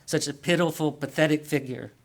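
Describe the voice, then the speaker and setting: A man's voice: a little high, steady tone, brisk. A man preaching a sermon in an earnest way, asking the congregation questions and often repeating or restarting words.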